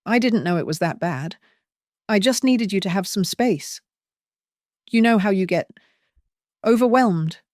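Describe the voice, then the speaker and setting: A narrator voicing a manipulative middle-aged husband who talks in a cloying, condescending, soothing way. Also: male voice, high-pitched, unhurried, pauses often, darkish tone, no room sound, clean studio sound.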